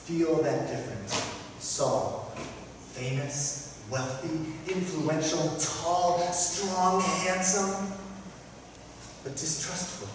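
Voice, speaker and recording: A man preaching a sermon as pastor, emphatic, with repeated phrases and dramatic pauses. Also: fairly high pitch, noisy background. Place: church sanctuary. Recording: echoey church hall from far off.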